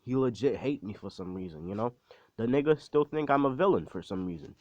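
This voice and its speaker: A young man rambles through a storytime retelling, swearing freely and slipping in self-deprecating asides. His pitch sits in the middle range. The recording is dull and completely dry. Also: lively intonation, a little fast, a little mellow, no room sound.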